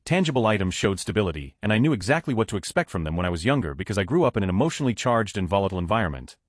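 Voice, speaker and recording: A man reads out online stories one after another in a brisk, lively narration. His voice sits low, and the dry recording has no room sound. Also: no room sound. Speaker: narrator of reader posts. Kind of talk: scripted narration.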